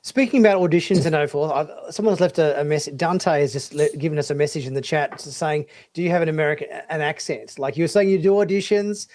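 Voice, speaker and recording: A man hosting a live stream, reading out viewer questions and answering with quick short acknowledgements. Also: a little high, a little mellow. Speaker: host. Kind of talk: casual livestream chat.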